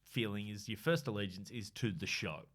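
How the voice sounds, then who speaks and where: An Australian man hosting a comedy podcast, chatting in a relaxed way that mixes reflective advice with dry quips. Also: on the low side, moderate pace. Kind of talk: casual podcast chat.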